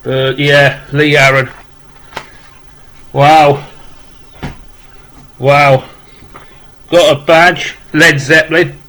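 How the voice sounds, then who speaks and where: Man, slightly high voice, flat monotone delivery, rambling casual unboxing chat. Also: very slow, long pauses, low-quality recording. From West Midlands, England. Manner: rambling, repeating "wow" and restarting with many fillers. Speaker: vlogger opening a parcel of rock music gifts.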